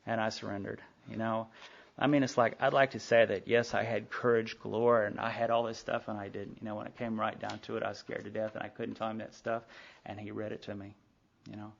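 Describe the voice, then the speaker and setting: A middle-aged man speaks to a recovery meeting with a gravelly edge in his voice. He tells his own story candidly and casually, full of asides. The sound is a dull, lo-fi tape of a live talk. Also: fairly low pitch, level tone, a little fast. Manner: candid storytelling with frequent asides and acted-out dialogue. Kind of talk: personal recovery story told to a group.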